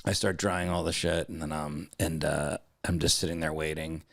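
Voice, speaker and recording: A young man co-hosting a comedy podcast, telling a story in a casual, animated way and acting out both sides in loud raised voices. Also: rumbling low, normal speed, vocal fry. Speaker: podcast co-host.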